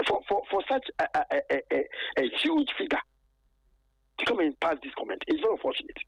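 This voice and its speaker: A man, a former footballer calling in to an interview, talking in a halting, aggrieved way and stacking repeated words and fillers. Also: high-pitched, huge pitch swings, gravelly, slightly rough, no room sound, low-quality recording. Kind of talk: phone-in interview.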